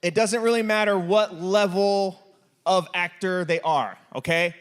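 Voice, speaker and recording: Brief: male game host, higher voice, joking with teens in a church youth room. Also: a little slow, smooth. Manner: playful, laughing, teasing.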